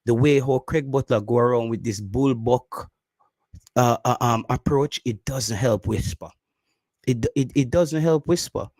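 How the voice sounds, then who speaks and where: A man's voice: mid-range voice, unhurried, a little mellow, dry recording. A man with a Jamaican accent co-hosting a casual live stream, reading viewer comments aloud, repeating himself and slipping into patois.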